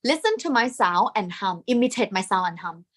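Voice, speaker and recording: A woman's voice: mid-range voice, lively intonation, fairly quick. A woman with a Thai accent teaching a lesson, patiently demonstrating the sounds aloud. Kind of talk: classroom lesson.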